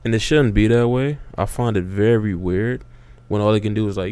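A man's voice: fairly low pitch, normal speed, darkish tone, clear, resonant tone, no echo. A man in casual podcast chat, agreeing and using loose slang.

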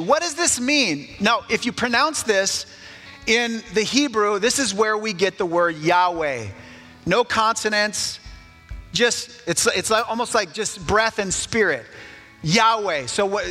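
A man's voice: high voice, expressive, measured pace, pushed and bright. A man preaching a sermon with emphatic rhetorical questions to the congregation. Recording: echoey hall, faint music.

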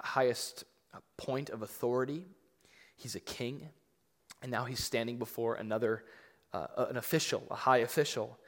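A male pastor preaching a sermon in a conversational way, with many fillers, building up to emphatic points. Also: medium pitch. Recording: long echo of a large hall.

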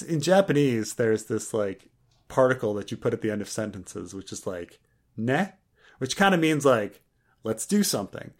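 A man co-hosting a casual review podcast, rambling and sarcastic, with frequent stammers and restarts. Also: mid-range voice. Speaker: podcast co-host.

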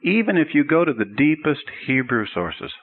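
A man's voice: on the high side, sing-song, moderate pace, narrow, tinny audio. A man teaching a sermon as a Bible teacher, earnest and explanatory. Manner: earnest, explanatory, builds up to a told joke.

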